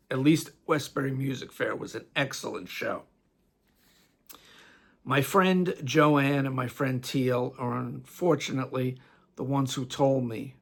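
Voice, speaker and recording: Middle-aged New York man, gravelly tone, chatty rambling music-vlog delivery. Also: medium pitch. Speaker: music vlogger. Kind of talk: casual tribute monologue.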